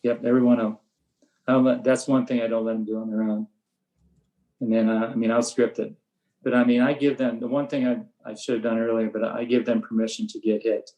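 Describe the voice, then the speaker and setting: An older man and veteran baseball coach talks through his practice methods in a relaxed interview, matter-of-fact, and now and then he acts out the blunt lines he says to his players. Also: medium pitch, brisk, highs cut off. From USA. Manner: flat, matter-of-fact storytelling, acting out his own sharp coaching lines. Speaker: high school baseball coach.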